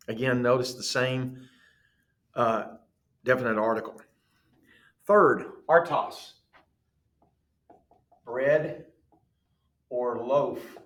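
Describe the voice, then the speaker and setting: A man's voice: medium pitch, fairly bright tone, reverberant. A man teaching a class, explaining patiently and checking in with the students. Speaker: Greek teacher. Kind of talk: classroom lecture.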